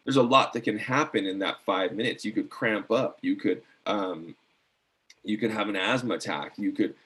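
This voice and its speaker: A man's voice: lowish voice, normal speed, fairly bright tone, husky. A middle-aged man, a former athlete, telling a story in a casual interview, earnest and full of fillers and restarts. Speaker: guest, former decathlete.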